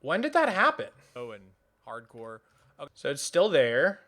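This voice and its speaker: Frustrated streamer man, bright lively voice. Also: on the high side, normal speed. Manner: exasperated, repeats "dude" and "bro". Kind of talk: live-streamed gameplay.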